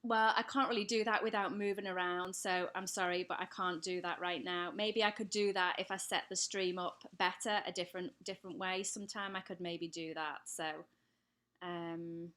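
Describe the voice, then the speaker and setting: A woman's voice: on the low side, fairly even intonation, normal speed, fairly bright tone. Chatty English woman hosting a live Q&A. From England. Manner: chatty, reads out viewer comments and answers them. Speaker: pet channel host. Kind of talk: live-stream viewer Q&A. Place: home, lit by daylight.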